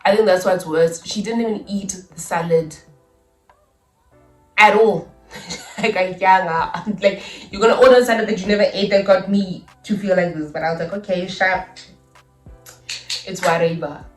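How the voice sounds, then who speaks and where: A young South African woman telling a story in a chatty, animated vlog style, with asides and laughs. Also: mid-range voice, moderate pace, far from the mic, soft background music. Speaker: YouTuber. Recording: echoey room, a little off-mic.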